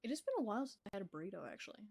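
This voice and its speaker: A woman's voice: medium pitch, very animated, rapid-fire, creaky, darkish tone, slightly rough, no room sound. A woman streaming a game, chatting casually and talking to the creatures on screen. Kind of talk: casual gameplay chat.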